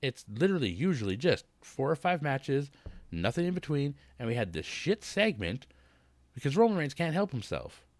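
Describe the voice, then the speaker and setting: A man's voice: medium pitch, sing-song, moderate pace, no echo. A man giving a casual, blunt wrestling recap, talking in a rambling, profane rant. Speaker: wrestling vlogger.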